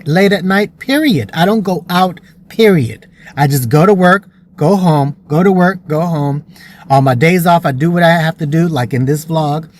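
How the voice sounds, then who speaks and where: A man vlogging, telling a personal story in an earnest, emotional way. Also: a little high.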